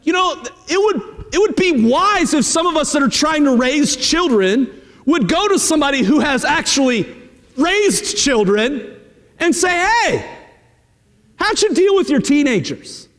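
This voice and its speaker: A middle-aged man preaching from the pulpit, his voice sitting high for a man. He talks to the congregation plainly and directly, often leaning on a quick "hey." The sound rings with the long reverb of a church sanctuary. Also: animated, a bit bright. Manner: conversational preaching, repeating "hey" and direct address. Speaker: pastor. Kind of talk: sermon.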